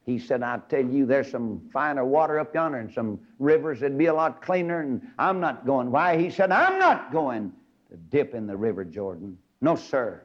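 A man preaching a fiery old-time sermon, acting out Bible characters in sudden shouts. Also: medium pitch, very animated, normal speed, dull audio.

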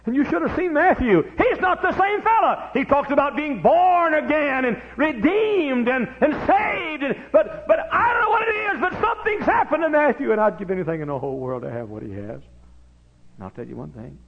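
A man's voice: extremely high pitch, sing-song, a little fast, pitched above the performer's own voice, exaggerated voice. A man voicing a short, eager tax collector, talking in an earnest, pleading way in a sermon story. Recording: dull lo-fi recording.

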